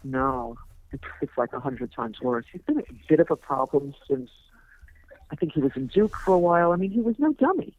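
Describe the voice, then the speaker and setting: An older woman on a recorded phone call, chatting in a rambling, hesitant way with a gravelly voice. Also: deep voice, lively intonation, a little fast, dry recording. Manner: rambling, hesitant, with many fillers. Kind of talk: casual phone chat. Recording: tinny wiretapped phone line, dry.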